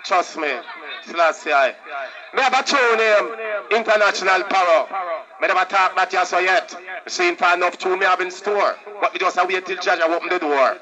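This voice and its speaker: A man's voice: sits high, moderate pace, crowd noise, poor audio. A man with a Jamaican accent talking as a deejay at a live stage show, chanting patois and calling out to Jah. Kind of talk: live stage toasting and chat. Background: band music.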